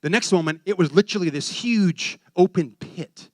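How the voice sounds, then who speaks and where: A man preaching, telling a story with excitable energy and acting out the voices in it. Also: high-pitched, normal speed, no echo. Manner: animated, excitable storyteller who acts out voices. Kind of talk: sermon storytelling.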